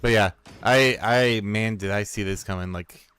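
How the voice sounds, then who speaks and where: A man chatting casually and rambling while playing a game, swearing freely and getting excited. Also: on the low side, moderate pace, smooth. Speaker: streamer and storyteller.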